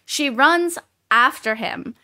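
A woman co-hosting a book podcast, recapping the plot in a rambling, animated way with lots of fillers. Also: high voice, takes it slowly. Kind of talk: casual book discussion.

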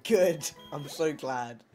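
A teenage boy in a voice call, chatting casually about games, loud and swearing, with bursts of laughter and yelling. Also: fairly high pitch, expressive, drawn-out words, over music. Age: teens. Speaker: friend in voice call. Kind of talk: casual gaming chat. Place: online voice call.

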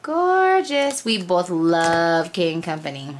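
Young woman, excitable, gushing, unhurried pace, casual unboxing chat. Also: medium pitch. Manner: gushing and excitable, gasps and repeats "oh my gosh". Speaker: crafting vlogger.

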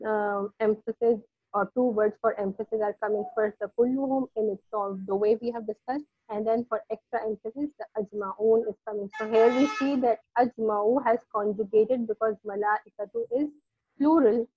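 A woman teaching an online Arabic grammar class, explaining patiently with many pauses. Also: fairly high pitch, steady tone, slightly rough, no room sound. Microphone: video call. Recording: dull lo-fi online call audio.

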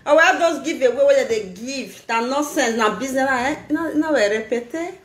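Lively Nigerian woman, high voice. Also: normal speed, roomy sound. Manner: animated, laughing, pidgin-mixed talk. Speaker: social media vlogger. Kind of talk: casual live video chat.

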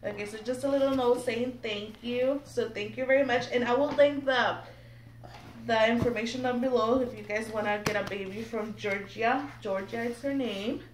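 Excited, giggly young woman vlogger. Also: fairly high pitch, moderate pace. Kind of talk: casual unboxing chat to camera. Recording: echoey room, mic a bit distant, faint background noise.

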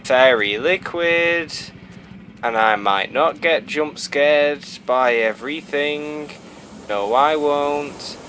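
Young guy freaking out playing a spooky game, swears a lot, slow talker, bit higher voice. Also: fairly bright tone, slight background noise. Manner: jumpy, swearing, rambling and sing-song. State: frightened. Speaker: gaming video host. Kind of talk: let's play commentary.

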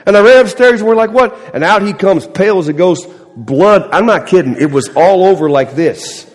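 A middle-aged man, a pastor, telling a story in a sermon with animated delivery, acting out voices, then easing into a soft, quiet prayer. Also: high voice, brisk. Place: church sanctuary. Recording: long church reverb.

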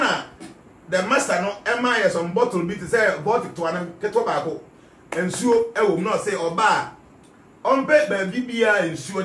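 A man's voice: high voice, a bit bright, roomy sound, far from the mic. A man with a Ghanaian accent giving an emphatic spiritual talk, repeating his key phrases. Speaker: spiritual teacher.

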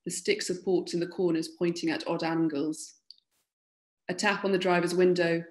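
A woman author from London, reading her own literary fiction aloud in a measured way. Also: lowish voice.

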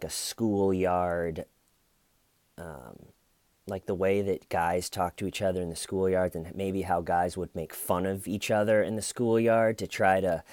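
A sardonic man with a somewhat low voice talks through a case in loose, rambling commentary. He jokes and mocks as he goes, and the sound is dry and close with no room echo. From United States. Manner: sardonic, mocking, rambling with restarts. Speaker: true crime commentator. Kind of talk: casual video commentary.

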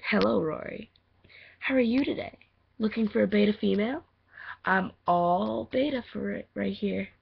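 A woman's voice: mid-range voice, moderate pace, vocal fry, slightly rough, full character voice. Snarky young she-wolf, as a girl reads her. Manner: sarcastic, teasing. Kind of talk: amateur voice audition. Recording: muffled lo-fi home mic.

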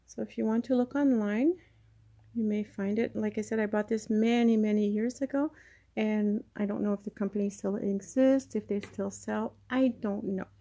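A chatty woman with a mellow, mid-range voice shows how she propagates plants in a casual how-to, keeping a steady tone at normal speed. She sounds a bit hesitant and talks while her hands are busy. A camera mic picks her up from very close.

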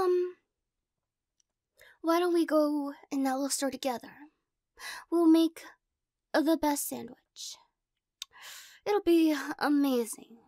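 A woman's voice: high voice, a little mellow, no room sound, clean studio sound. A woman playing a weird, giggly girl in whispered role-play.

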